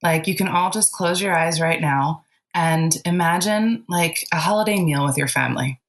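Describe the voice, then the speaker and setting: A woman's voice: lowish voice, normal speed. A woman telling a childhood story in a casual spiritual chat, laughing often and using lots of fillers. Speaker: podcast guest.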